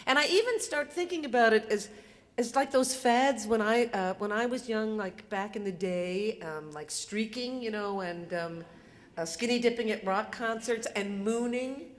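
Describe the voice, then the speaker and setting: A woman's voice: a little high, animated, moderate pace. An older woman telling a personal story live on stage, in a conversational, self-mocking way with lots of fillers. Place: theater stage. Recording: live stage recording in a reverberant hall.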